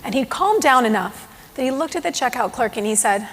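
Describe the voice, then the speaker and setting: A woman giving a conference keynote on mindfulness to a live audience in a large hall, telling stories with lively acted-out quotes. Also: fairly high pitch, a little fast, slight background noise. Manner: animated storytelling with acted quotes. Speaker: mindfulness speaker. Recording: long hall reverb.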